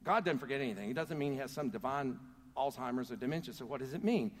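A pastor speaking quickly in a mid-range voice preaches with earnest conviction, calling out to his church congregation to answer back, all captured with long hall reverb.

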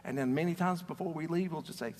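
A man's voice: a little high, fast, a little mellow. A man preaching a conversational sermon as pastor, earnest and storytelling, often repeating words as he starts a sentence. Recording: long reverb of a large hall.

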